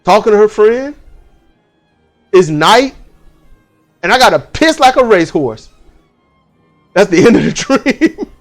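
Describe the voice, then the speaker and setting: A man casually recounting a dream, profane and animated, acting out the people in it. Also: sits high, measured pace, pauses often, faint music behind. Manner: profane, animated, acts out voices. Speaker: channel host. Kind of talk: casual storytelling.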